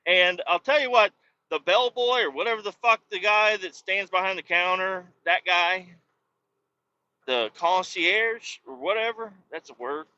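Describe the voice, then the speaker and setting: A man's voice: high voice, unhurried, bright, forceful tone, muffled recording. A man hosting his own podcast, ranting casually and profanely while driving, complaining with self-mocking humor. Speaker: podcast host. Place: vehicle on the road.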